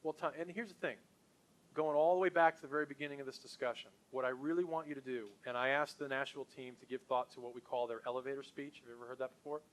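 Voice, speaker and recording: A man's voice: medium pitch, fairly even intonation, quick pace. A middle-aged man leading a sales training session for a group, talking in an enthusiastic, punchy, conversational way.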